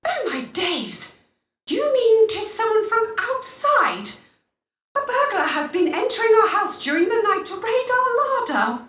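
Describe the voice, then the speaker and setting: Excitable Elizabethan lady, high and swooping, theatrical game voice, far-off roomy sound. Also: measured pace, exaggerated voice. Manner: gossipy, theatrical olde-English speech. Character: fussy Elizabethan gentlewoman, indignant and excitable. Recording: distant roomy game audio.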